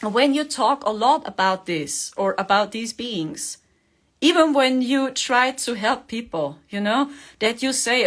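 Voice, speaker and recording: Woman, fairly high voice, earnest coaxing spiritual talk, laughs often. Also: measured pace. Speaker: spiritual livestream host.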